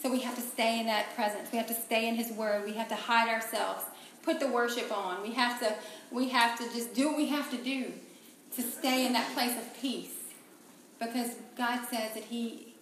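A woman sharing an emotional personal testimony in a halting, soft-spoken way, often repeating her words. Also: on the high side, steady tone, very echoey, slight background noise, poor audio.

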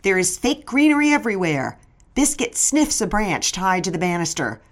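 A woman's voice: mid-range voice, very animated, normal speed. Middle-aged lady reading her memoir, wry, voice bounces around a lot. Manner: wry, storytelling. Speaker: narrator. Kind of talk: scripted memoir narration.

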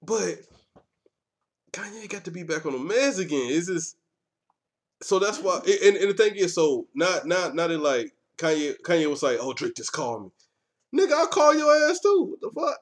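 A man in casual podcast chat, animated and joking, swearing freely. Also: high voice, normal speed.

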